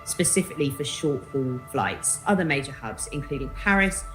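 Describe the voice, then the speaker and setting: A woman with an English accent and a low voice, explaining in a measured, informative way. She speaks in a broadcast news clip. Music plays clearly beneath her. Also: animated, a bit bright, low-quality recording. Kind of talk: news interview.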